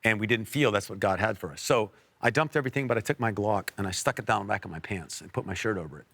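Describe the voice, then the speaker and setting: An American man telling a personal story on a faith talk show, earnest, with quiet and emotional stretches. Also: fairly low pitch, quick pace, gravelly, dry recording. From United States. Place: TV studio.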